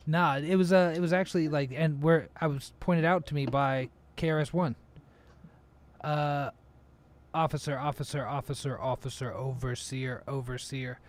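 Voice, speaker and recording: A man's voice: a little high, steady tone, moderate pace. A man hosting a casual podcast chat, laid-back, with lots of fillers and swearing. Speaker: podcast host.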